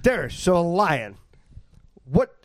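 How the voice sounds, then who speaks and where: A man's voice: on the high side, very animated, slow pace, no room sound. A man hosting a podcast in casual chat, teasing his co-hosts and giggling often. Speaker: podcast host.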